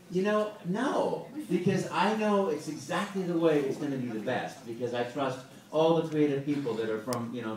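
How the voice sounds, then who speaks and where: A man answering fan questions at a panel, animated, with many "you know"s and hummed tunes. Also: mid-range voice. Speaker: guest voice actor at a fan panel. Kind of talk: casual Q&A with an audience. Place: large convention hall. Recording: echoey hall recorded from far off.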